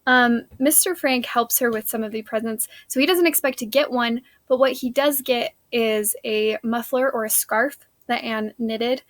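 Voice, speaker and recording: A woman's voice: on the high side, normal speed, hardly any pauses, no echo. A woman teacher, recapping a play scene for her students in a casual, chatty way with many fillers.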